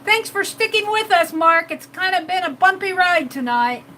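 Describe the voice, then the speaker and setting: A woman's voice: extremely high pitch, animated, moderate pace, sharp tone, slight background noise, rough recording. A woman hosting an art live stream, chatting casually with viewers and reading their comments with frequent giggles. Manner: giggly and playful, laughs often.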